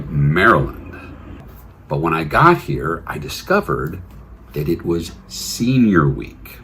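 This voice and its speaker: A deep-voiced male comedy host opens a new season with a lively, swinging delivery. His tone stays dry and wry. The room around him is echoey. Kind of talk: comic show intro.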